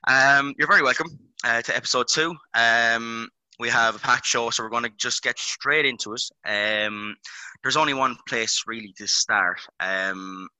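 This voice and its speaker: A man's voice: mid-range voice, moderate pace, sharp tone, smooth, dry recording, rough recording. A young Irish man in his twenties hosting a casual sports podcast, rambling with lots of ums and uhs. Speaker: podcast host.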